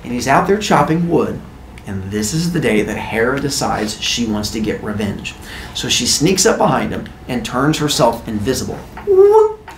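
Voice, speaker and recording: A man hosting a podcast and telling a comic story in an animated, playful way. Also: medium pitch, slight background noise. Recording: roomy echo.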